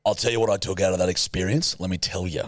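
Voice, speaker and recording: A man's voice: low-pitched, steady tone, fast talker, dry recording, clean studio sound. An Australian man co-hosting a podcast, joking around in crude, laddish banter. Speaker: podcast co-host. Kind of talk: casual banter.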